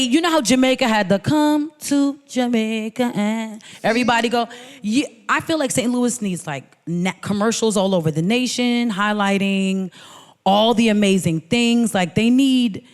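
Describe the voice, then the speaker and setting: Lively woman telling stories in a reverberant hall. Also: a little high. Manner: lively storyteller, quotes people in voices. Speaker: guest musician. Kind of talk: artist talk conversation. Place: hall at a museum.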